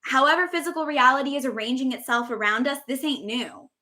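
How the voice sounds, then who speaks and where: A woman's voice: sits high, brisk, bright, forceful tone. A woman hosting a spiritual podcast, teaching in an effusive, casual way, swearing freely and stretching out words for emphasis.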